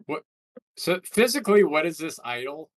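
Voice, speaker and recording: A man's voice: fairly high pitch, very animated, normal speed. A man playing a tabletop game, asking the game master direct questions about the scene. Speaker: player.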